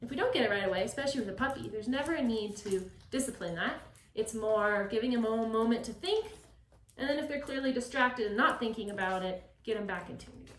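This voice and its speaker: A woman dog trainer explaining a puppy session, switching between calm explanation and high, bright praise for the dog. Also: fast talker, a little hiss or hum. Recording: echoey, from a distance.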